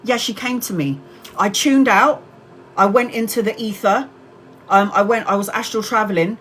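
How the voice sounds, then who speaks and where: A middle-aged woman hosts a tarot livestream, talking straight to her viewers. She tells her story in a chatty, candid way and swears casually. Her voice sits at an average pitch, with a faint noise behind it. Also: normal speed, a bit bright, rough recording. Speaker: tarot reader livestream host.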